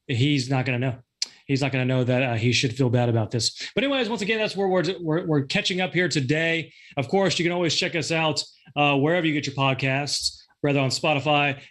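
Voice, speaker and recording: A man hosting a casual podcast, rambling and correcting himself, laughing often. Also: fairly high pitch. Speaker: podcast host. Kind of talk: casual chat.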